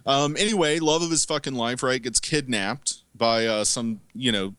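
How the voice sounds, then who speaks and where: A man chatting casually about movies on a podcast, rambling and cursing freely, filling pauses with ums and uhs. His voice is mid-pitched and recorded close and dry. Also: a bit bright, clean tone, no room sound. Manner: profane, rambling, lots of fillers. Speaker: podcast co-host. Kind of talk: casual movie review chat.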